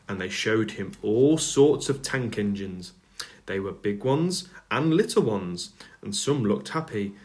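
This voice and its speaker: A man reading a children's storybook aloud, calm and measured. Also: fairly low pitch. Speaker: narrator.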